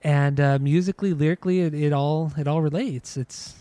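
A man's voice: fairly high pitch, fairly even intonation, fairly quick, warm tone, no room sound. A man hosting a podcast, chatting in a laid-back, enthusiastic way and swearing casually. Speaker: podcast host. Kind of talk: casual chat.

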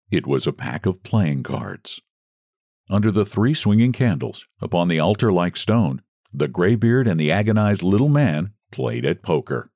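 A man narrating an audiobook story in an expressive, theatrical reading. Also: sits low, no echo, studio quality.

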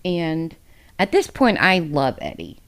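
A woman's voice: sits low, very animated, unhurried. Candid, profane woman podcast co-host. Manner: candid, emotional and heavy on profanity; rambling, with many fillers. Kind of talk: casual book discussion.

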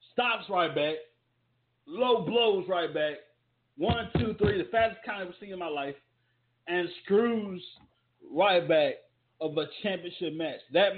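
A man rambles through wrestling talk and ad reads in an emphatic, loose way. His voice sits a little high. The audio is thin and tinny, like it came over a phone line. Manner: loose, emphatic, repetitive rhetorical questions. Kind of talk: casual commentary with ad reads.

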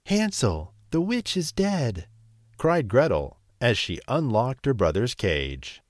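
Male bedtime storyteller, unhurried, highly melodic delivery, dry close recording. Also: dry recording. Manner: slow and expressive.

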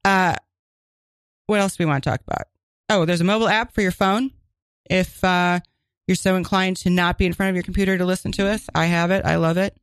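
A woman co-hosting a community radio crime show, chatting casually and reading announcements with quick asides. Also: fairly low pitch, fairly even intonation, clear, resonant tone, dry recording. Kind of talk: casual chat and on-air announcements. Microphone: studio microphone.

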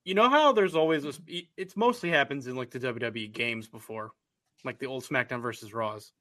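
A man co-hosting a casual wrestling talk show, playful and animated in his telling. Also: mid-range voice, fairly quick. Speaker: podcast co-host.

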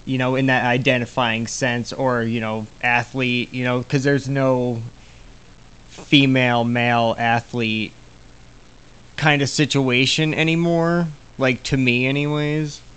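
Man, podcast host, smooth resonant voice, medium pitch, hesitant, lots of fillers, casual chat. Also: little pitch movement, measured pace, a bit bright, poor audio. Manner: hesitant, feeling his way with many fillers.

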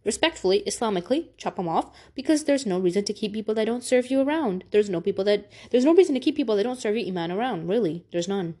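A young adult woman talks fast and barely pauses as she offers Islamic life advice straight to camera. Her medium-pitched delivery is casual and motivational, earnest, candid and slangy, with abrupt animated spurts.

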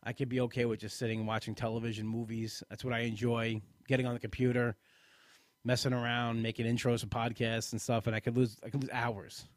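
A man's voice: mid-range voice, flat delivery, fast, no echo, clean studio sound. A man hosting a casual live podcast, chatty and self-deprecating, a bit tired and rambling with restarts. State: tired, yawning. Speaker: podcast host.

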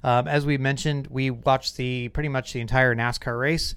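Podcast guy rambling about racing, smooth clear voice, dead dry sound. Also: mid-range voice, steady tone, normal speed, a bit bright, no room sound. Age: 30s or 40s. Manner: chatty, self-deprecating, retells stories with little voices. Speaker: podcast host. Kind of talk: casual podcast chat.

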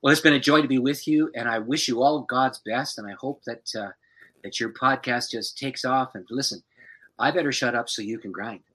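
A man's voice: medium pitch, a little fast, breathy edge, poor audio. A man, a pastor and author, tells a personal story as a podcast guest, breaking into laughter as he goes. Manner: lively, laughs through his story.

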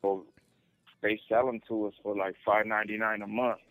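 A man's voice: on the low side, flat delivery, normal speed, a bit bright, no room sound. A man calling in from prison, talking in a laid-back, slangy way full of swearing over a phone line. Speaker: caller from prison. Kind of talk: casual phone chat.

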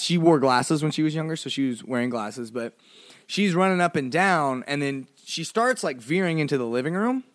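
A man hosting a podcast, casually telling a funny childhood story, full of "like" and playful asides. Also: no room sound. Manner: animated, swings between low mumbles and high exclamations; lots of "like" fillers, playful. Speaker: podcast host.

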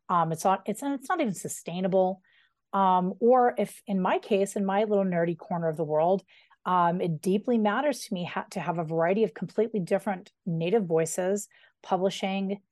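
A woman author in her forties talks in a lively, conversational way, tossing in playful asides as she goes. Her voice sits at a middle pitch. The recording is dry and close, with no room sound. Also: no room sound. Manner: animated, chatty, with playful asides. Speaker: author, interview guest. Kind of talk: conversational interview.

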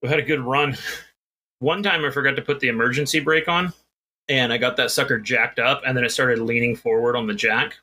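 A man's voice: mid-range voice, fairly even intonation, brisk, pushed and bright. A man co-hosting a podcast, telling a rambling, self-deprecating story in casual chat. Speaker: podcast co-host.

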